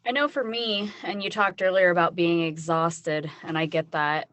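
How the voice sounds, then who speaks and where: A woman's voice: fairly low pitch, fairly even intonation, normal speed, a bit bright, slight background noise. A woman hosting a podcast interview who speaks frankly and outspokenly, with wry asides. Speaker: podcast host. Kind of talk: casual interview chat.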